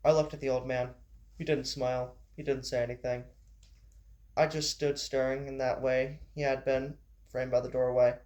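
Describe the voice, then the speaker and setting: Male amateur narrator reading a story, relaxed delivery with frequent restarts. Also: medium pitch, moderate pace. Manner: stumbles and restarts, casual asides.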